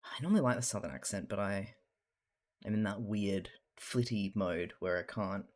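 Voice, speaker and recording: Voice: sits low, expressive, normal speed. A young adult with a mild Australian accent chatting casually on a live stream while drawing, rambling and laughing often, with the odd swear.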